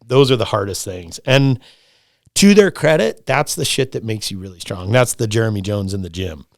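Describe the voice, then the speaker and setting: A middle-aged man in casual podcast conversation, talking in an animated, rambling way, swearing freely and repeating himself. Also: on the low side, normal speed, creaky, dry recording, clean studio sound. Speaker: lodge owner, podcast guest.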